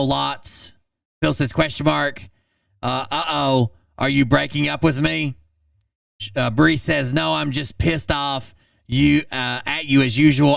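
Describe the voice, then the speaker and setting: A man with a fairly high, heavily gravelly voice reads text messages aloud in a flat, deadpan way and breaks in with blunt asides. He talks slowly. The sound is dry and set back from the mic. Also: dry recording, distant mic. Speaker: channel host reading text messages. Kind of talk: reading messages aloud with commentary.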